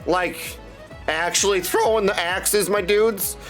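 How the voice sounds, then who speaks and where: A man chatting excitably with his viewers on a live stream, full of catchphrases. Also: high-pitched, slow, soft background music. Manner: excitable, chatty, keeps saying my dudes. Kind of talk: casual live-stream chat.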